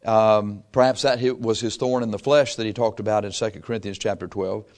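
A man's voice: fairly low pitch, fairly even intonation, brisk, a little mellow. A man, a pastor, teaching the Bible to his congregation in an easygoing, storytelling way, often asking them questions. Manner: conversational storytelling, asks the congregation questions, chuckles.

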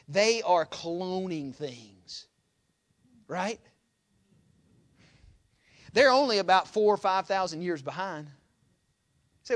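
A man preaching a sermon in a folksy manner, reading scripture loudly and dropping to quiet asides. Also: sits high, lively intonation, measured pace, long pauses.

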